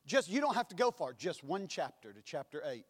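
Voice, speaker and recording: A man preaching a sermon in a church, impassioned, swinging between loud and soft passages. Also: fairly high pitch, big pitch swings, a little fast. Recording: long hall reverb.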